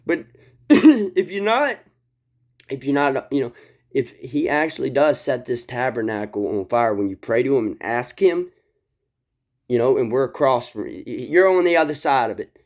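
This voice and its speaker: A man's voice: mid-range voice, expressive, normal speed, a little mellow. A man casually retelling a Bible story, rambling with frequent laughs, casual swearing and restarts, on a dull lo-fi recording. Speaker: video host.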